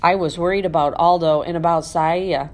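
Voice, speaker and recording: Lively woman narrating a children's storybook. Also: lowish voice, moderate pace. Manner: lively, expressive, animated. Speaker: audiobook narrator. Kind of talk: storybook narration in first person as a classroom hamster.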